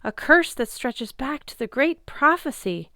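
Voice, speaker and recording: A woman's voice: high-pitched, very animated, unhurried, bright, forceful tone, no room sound, studio quality, pitched above the performer's own voice, full character voice. A woman voicing the solemn ghost of a teenage girl who speaks in grave warnings.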